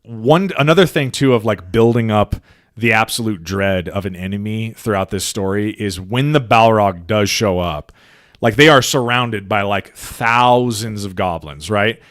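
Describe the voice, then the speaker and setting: Over clean, echo-free studio sound, a man with a fairly low voice speaks a little slowly as he co-hosts a podcast. Chatting casually, he narrates movie scenes with eager energy, plenty of swearing, and acted-out dialogue.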